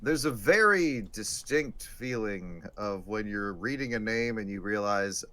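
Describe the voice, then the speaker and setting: A man co-hosting a casual sports chat livestream, talking in animated bursts and laughing often. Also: lowish voice. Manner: animated, quick bursts of laughter, lively put-on quotes. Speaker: podcast co-host.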